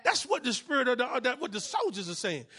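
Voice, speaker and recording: A male pastor with a very high, husky and forceful voice preaches with fire. He bursts into shouts, hammers the same phrases again and again, and acts out the people in his stories. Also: very animated, fast. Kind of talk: sermon.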